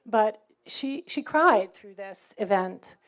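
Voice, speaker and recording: A middle-aged woman from New York tells a personal faith story to a room of students. A faded New York accent is still there under her words. She is an animated storyteller who jumps into the voices of the people in her story and laughs as she goes. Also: medium pitch, slow pace. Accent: New York, mostly faded. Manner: lively storyteller, acts out dialogue, laughs often. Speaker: campus speaker.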